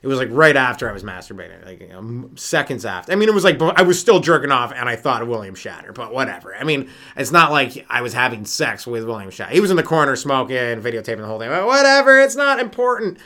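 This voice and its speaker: A man's voice: medium pitch, sing-song, fast talker, few pauses, pushed and bright. A man hosting a solo comedy podcast, rambling and riffing with many fillers, running on no sleep. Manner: rambling, riffing, lots of fillers and sudden voice jumps. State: sleep-deprived. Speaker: stand-up comedian and podcast host.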